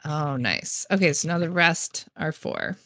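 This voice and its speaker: A woman's voice: low voice, lively intonation, unhurried, fairly bright tone. A woman co-hosting a livestream, thinking aloud and trying word guesses while solving a crossword. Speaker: streamer co-host.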